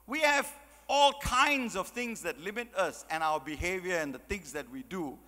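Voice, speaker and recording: A man's voice: high voice, expressive, moderate pace, pushed and bright, in a large hall. A man giving a chatty, joking motivational talk, full of "you know"s. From Malaysia. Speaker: motivational speaker. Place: large hall.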